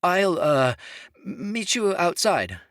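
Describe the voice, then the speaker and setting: A man's voice: mid-range voice, animated, unhurried, a bit bright, no room sound, studio quality, voice pushed up. A male audiobook narrator voicing an awkward young man who teases his friends but stammers when flustered. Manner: teasing then stammering. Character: awkward teasing young man, blushes easily. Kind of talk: audiobook character voice.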